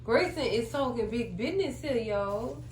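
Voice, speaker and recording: Her voice sits fairly high and is expressive, moving at a moderate pace as she chats her way through a TV episode recap. A vlogger with a dramatic streak, she acts out what the characters say, all in an echoey room with a low hum.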